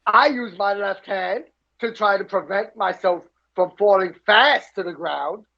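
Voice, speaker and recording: A man's voice: sits high, a little slow, vocal fry. A man co-hosting a podcast, telling his own stories eagerly and tripping over repeated words. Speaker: podcast co-host. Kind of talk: casual podcast chat. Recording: slightly muffled lo-fi audio.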